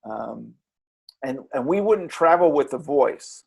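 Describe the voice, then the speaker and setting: A man reflecting earnestly as an interview guest, with a gravelly voice and frequent halting restarts. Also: mid-range voice, animated, darkish tone. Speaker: interview guest, former children's character performer. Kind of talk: reflective storytelling.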